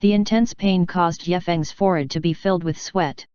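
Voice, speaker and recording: A woman narrating a fantasy novel audiobook in a steady, even reading. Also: on the low side, moderate pace, clear, resonant tone, no echo, dull audio.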